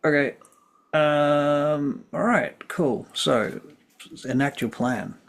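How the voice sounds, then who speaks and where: Gravelly-voiced man running a game. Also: a little high, extremely slow. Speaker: game master.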